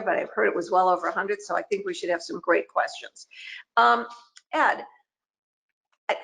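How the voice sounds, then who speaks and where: A woman's voice: mid-range voice, gravelly, sharp tone, poor audio. A woman moderating a webinar panel over a video call, chatty and emphatic, firing off pointed questions.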